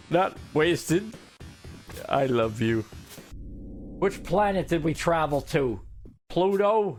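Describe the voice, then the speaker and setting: A young man giving casual, joking gameplay commentary, excitable and swearing freely, with game music faint behind him. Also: a little high. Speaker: gaming streamer.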